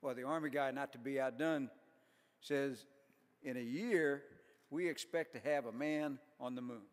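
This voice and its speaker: A man's voice: mid-range voice, measured pace. A middle-aged man telling folksy, self-deprecating jokes as an after-dinner speaker at a banquet. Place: large banquet hall. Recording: long hall reverb.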